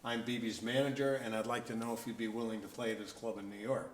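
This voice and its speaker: An interviewed musician tells casual anecdotes with wry, self-deprecating humor, his lowish voice flat and fast. He's indoors at an event venue, and the recording has a roomy echo with faint background noise.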